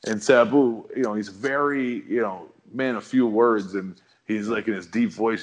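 A middle-aged man telling a long story in a relaxed, rambling, slangy way as a guest on a chat show. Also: lowish voice, moderate pace, hardly any pauses. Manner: rambling, laid-back, slangy. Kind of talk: casual storytelling.

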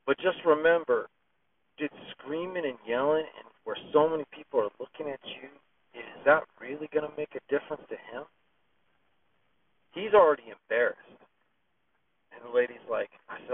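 A man's voice: on the high side, moderate pace, long pauses. A middle-aged man telling a personal story in a casual, rambling way, full of fillers and restarts. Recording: tinny phone-line sound, voice distant from the mic.

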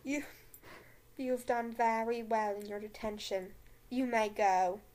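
Stern weary male professor, read by a woman, slow and solemn, still fairly high. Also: fairly even intonation, a little mellow. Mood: curt.

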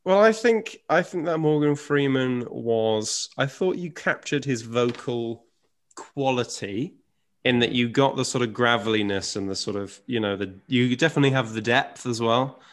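A man's voice: medium pitch, moderate pace. A young man co-hosting a casual chat, laughing often and trailing off with fillers. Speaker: podcast co-host and impressionist.

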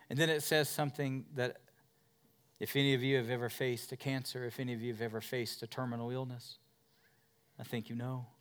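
A middle-aged male pastor preaching a sermon, swinging between loud forceful preaching and soft, quiet storytelling, with self-mocking humor. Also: mid-range voice.

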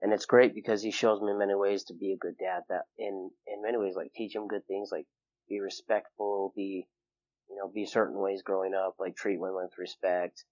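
A man's voice: low voice, flat delivery, moderate pace, a little mellow, dry recording, highs cut off. Young man telling a rambling personal story. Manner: rambling, filler-heavy, acts out quoted people in a raised voice. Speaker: interview guest. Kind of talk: personal storytelling in casual conversation.

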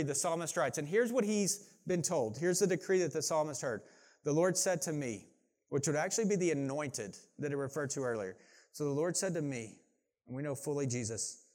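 A middle-aged pastor preaching a sermon in a conversational way, often saying "like" and restarting sentences. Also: male voice, on the high side, animated, moderate pace, a little mellow.

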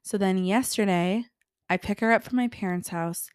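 Animated young woman telling a story. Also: mid-range voice, moderate pace, clean tone, no room sound, clean studio sound. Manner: animated storytelling, acts out her own reactions. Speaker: podcast co-host. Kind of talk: casual chat.

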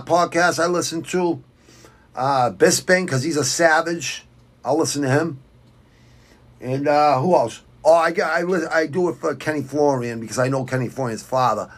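This fight podcast host is a middle-aged Boston man from Southwest Quincy, Massachusetts, with the local accent to match. Reading viewer comments, he rambles bluntly and swears heavily in a profane rant, his voice on the high side and a bit bright.

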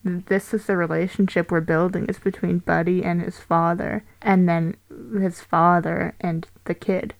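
A woman's voice: lowish voice, level tone, normal speed, creaky, few pauses, no echo, low-quality recording. A young woman in a casual discussion about films, talking thoughtfully, hedging with many fillers. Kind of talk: casual podcast discussion of a film.

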